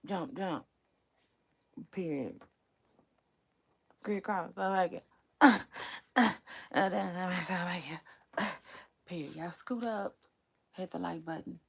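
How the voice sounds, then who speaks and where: Her voice is lowish and gravelly with a breathy edge as she hosts a celebrity gossip livestream. Chatty and drawn-out, she rambles to her viewers and breaks into laughter often, all through a livestream microphone.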